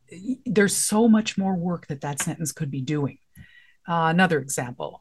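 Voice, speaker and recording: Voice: mid-range voice, husky. A writing teacher giving a casual lesson, talking conversationally and explaining through example lines and questions. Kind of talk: casual instructional talk.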